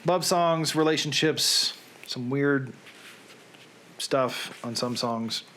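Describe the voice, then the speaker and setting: A man's voice: medium pitch, slow pace, bright, forceful tone, a little hiss or hum. A man who hosts a radio show, talking in a casual, rambling monologue full of digressions.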